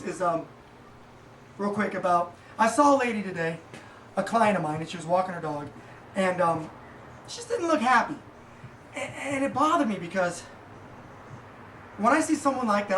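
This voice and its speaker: A man's voice: high-pitched, a bit bright. Rambling man in an echoey room. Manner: rambling and halting, with many fillers. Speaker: podcast host and small business owner. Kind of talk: casual motivational monologue. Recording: echoey room, distant mic, faint noise.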